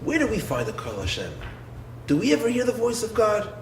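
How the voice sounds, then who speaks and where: A man with a fairly high voice delivers a Torah lecture as a rabbi. He asks rhetorical questions and swings his delivery between low, hushed lines and lifted, emphatic ones. The sound is roomy and echoey, with a faint hiss of background noise. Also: a little fast. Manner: expressive, rhetorical questions, dips low then rises. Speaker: rabbi and yeshiva head.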